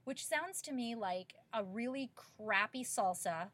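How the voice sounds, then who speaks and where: A woman's voice: fairly high pitch, lively intonation, measured pace, fairly bright tone. A woman co-hosting a podcast in casual chat, blunt and joking. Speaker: podcast co-host.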